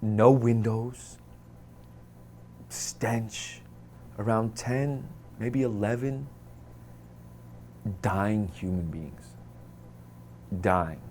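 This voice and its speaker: A man from the United States telling a personal story to camera, acting out what people said and dropping into a hushed voice for tense moments, with Arabic phrases mixed in. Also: lowish voice, slight background noise. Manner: dramatic retelling, acts out quoted lines and drops to hushed tones.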